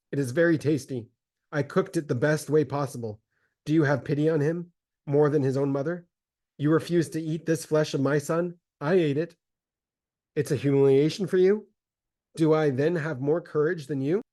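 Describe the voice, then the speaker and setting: A man's voice: on the high side, mellow, close to an everyday voice. A man reading as a starving, grief-mad mother. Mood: bitter accusing. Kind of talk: dramatic reading of a religious text.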